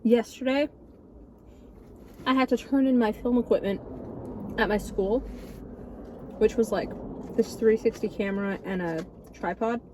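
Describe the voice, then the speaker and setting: A woman's voice: fairly high pitch, a little slow, long pauses, background noise. A woman in her early twenties chatting casually while eating on camera, telling her stories in a sarcastic, dramatic way. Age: early 20s. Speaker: vlogger. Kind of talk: casual mukbang chat.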